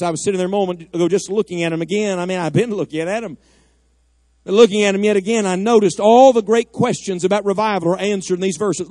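A man's voice: sits high, darkish tone, no room sound. A middle-aged man preaching a fervent, emphatic sermon in a church, rising at times to cries of prayer. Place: church sanctuary.

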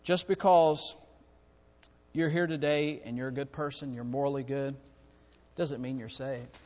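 A male preacher delivering an impassioned, repetitive sermon that swings from quiet to loud. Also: mid-range voice, fairly even intonation, unhurried, in a large hall.

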